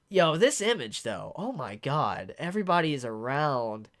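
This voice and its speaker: A man reviewing a manga chapter in a casual, excitable way, gushing as he reacts with lots of "yo" and "like". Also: a little high, normal speed, few pauses.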